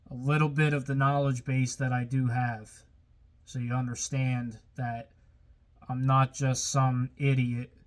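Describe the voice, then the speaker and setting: A man hosting his own car-building videos, talking casually to viewers in a plain-spoken way that gets a little worked up. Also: medium pitch. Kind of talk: casual workshop talk to viewers.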